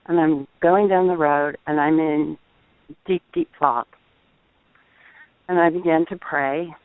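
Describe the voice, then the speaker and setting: A middle-aged woman calling in, telling a personal testimony in an earnest, halting way, over the phone. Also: deep voice, fairly even intonation, clear, resonant tone, no room sound. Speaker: caller. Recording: tinny dry phone line.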